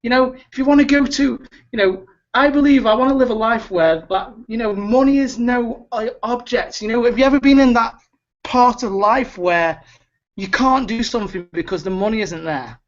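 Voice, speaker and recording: A man's voice: very high-pitched, muffled recording. A man hosting a webinar, giving an urgent motivational pep talk and repeating words as he pleads with listeners over a video call. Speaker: webinar host.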